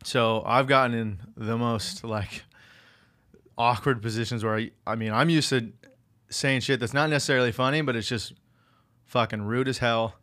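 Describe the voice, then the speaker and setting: A man who works as an electrician and wants to do comedy, talking in a casual chat. He swears freely and tells animated stories, acting out the other people in them. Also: medium pitch, moderate pace. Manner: profane, animated storytelling with acted-out voices.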